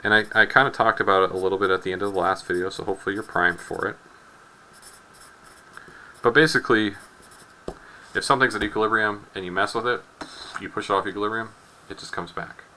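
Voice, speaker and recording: A man's voice: lowish voice, fairly even intonation, fast talker, long pauses, sharp tone, a little hiss or hum, poor audio. A man teaching a chemistry lecture in a loose, joking way, rambling into asides and often repeating his words. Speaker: chemistry instructor. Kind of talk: casual recorded lecture.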